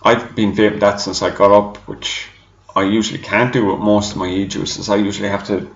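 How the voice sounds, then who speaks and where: A man's voice: on the low side, level tone, a little fast, slight background noise. A man giving a casual, rambling product review, chatting and correcting himself as he goes. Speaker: e-juice reviewer. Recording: echoey room, dull lo-fi sound.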